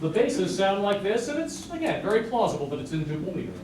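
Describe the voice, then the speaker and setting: Speaking fast and with great animation, this high-voiced man explains music to an audience during a lecture recital, counting the beats aloud. It's captured from a distance in an echoey recital hall, with noticeable noise.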